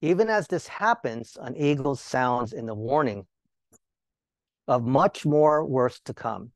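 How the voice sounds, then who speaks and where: A man's voice: mid-range voice, animated, slow pace, no room sound. A male Bible teacher giving a sermon, talking to the listeners with rhetorical questions and joking asides.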